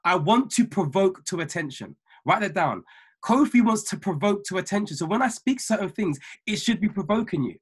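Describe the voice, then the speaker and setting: A man giving an emphatic, repetitive motivational talk to his trading mentees over a video call, building from calm to fiery. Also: high-pitched, a little fast, husky. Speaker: trading mentor.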